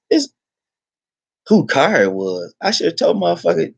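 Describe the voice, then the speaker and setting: A man's voice: on the high side, wildly swooping pitch, moderate pace, creaky, breathy edge, no room sound. A man ranting angrily to the camera, swearing heavily and repeating himself. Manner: heated, profane, repeats himself. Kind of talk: angry rant to camera.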